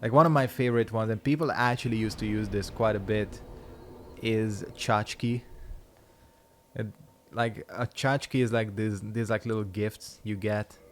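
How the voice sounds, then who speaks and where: A man's voice: fairly low pitch, steady tone, measured pace, a little hiss or hum. A man chatting casually while streaming a game, rambling and swearing freely. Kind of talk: casual gameplay commentary.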